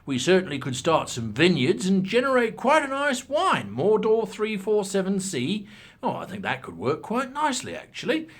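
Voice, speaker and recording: A man's voice: high-pitched, huge pitch swings, normal speed, husky, voice pushed up, full character voice. A man voicing a polite, enterprising male orc who chats eagerly about starting vineyards.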